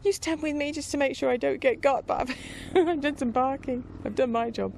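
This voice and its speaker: A woman's voice: high-pitched, brisk, vocal fry, darkish tone, a little hiss or hum, pitched above the performer's own voice. A woman voicing her own bold young female puppy, boasting that she is a big dog. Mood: proud. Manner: chirpy, boastful.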